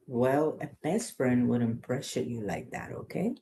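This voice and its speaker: A woman's voice: a bass voice, lively intonation, a little slow, mellow. A woman reading a children's book aloud, chatting and explaining words and lessons to young listeners. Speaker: storytime reader.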